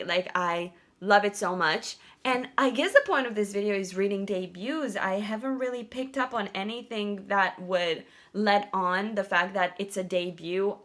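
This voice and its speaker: A young woman vlogging about the book she is reading, gushing and expressive, with quick asides, talking to the camera from one spot. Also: medium pitch. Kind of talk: casual reading vlog chat. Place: sitting in one spot, filming herself.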